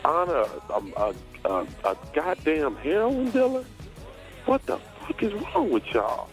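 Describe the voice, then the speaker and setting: A man's voice: on the low side, measured pace, soft background music, natural voice. A man putting on the voice of an outraged civil rights preacher who curses and fires off indignant rhetorical questions. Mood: enraged.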